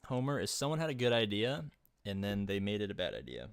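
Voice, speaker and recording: A man's voice: lowish voice, huge pitch swings, quick pace, smooth, no echo. Rambling, jokey male streamer. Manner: rambling, jokey, swears freely. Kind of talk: casual livestream chat.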